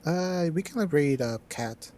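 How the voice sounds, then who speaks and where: A laid-back co-streamer chatting casually, quick to laugh and swearing now and then. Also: mid-range voice, animated, darkish tone. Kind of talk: casual chat on a livestream.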